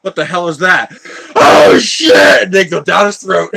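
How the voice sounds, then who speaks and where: Man, livestream host, animated storyteller, frequent laughter, fairly high voice, bright tone. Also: very slow, creaky, pauses often. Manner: animated, laughs often, tells stories, reads viewer chat aloud. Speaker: livestream host building a 3D printer. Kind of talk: casual live-stream chat.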